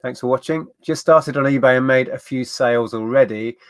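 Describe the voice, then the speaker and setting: Guy rambling on a live stream, reads out comments, medium pitch. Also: fairly quick. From southern England. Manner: chatty, rambling, reads viewer comments aloud. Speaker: co-host of a reseller live stream. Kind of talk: casual live-stream chat.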